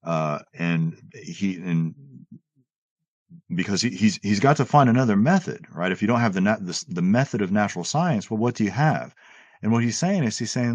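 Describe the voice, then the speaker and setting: Low-voiced man in lively philosophy chat. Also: moderate pace, dry recording, highs cut off. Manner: animated, repeats and restarts words, quotes the author with emphasis. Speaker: podcast co-host. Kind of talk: casual philosophy discussion.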